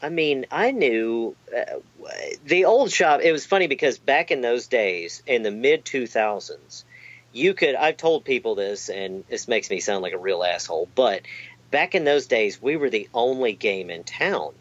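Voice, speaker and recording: A man's voice: mid-range voice, very animated, moderate pace, no echo, dull audio. A man chatting in an interview, rambling and self-deprecating, with lots of fillers and restarts. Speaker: amp technician guest. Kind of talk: casual interview chat.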